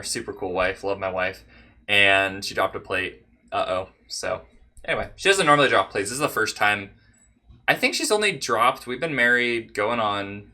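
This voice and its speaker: A young man talks casually to his channel, drifting between asides and poking fun at himself while he snacks. His voice sits low but comes out bright and forward. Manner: rambling and self-deprecating, talks while snacking. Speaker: channel host. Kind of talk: casual rambling vlog chat.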